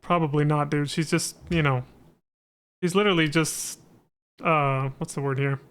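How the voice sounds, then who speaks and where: A man's voice: fairly high pitch, fairly even intonation, normal speed, a bit bright, smooth. A man giving casual, profane let's-play commentary with laughing asides. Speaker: streamer.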